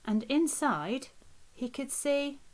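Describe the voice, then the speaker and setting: A woman telling a children's story in an expressive, dramatic way. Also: high voice, slow pace. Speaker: nursery teacher storyteller.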